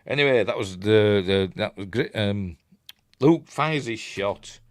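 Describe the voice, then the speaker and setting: An older Yorkshire man chats through a film in a low voice that swings up and down with plenty of life. He rambles along in a casual way and now and then hums the score. The sound is dry, with no room ring. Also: lively intonation, a little slow, no room sound. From Yorkshire, England. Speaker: film reviewer. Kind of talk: casual commentary over a film.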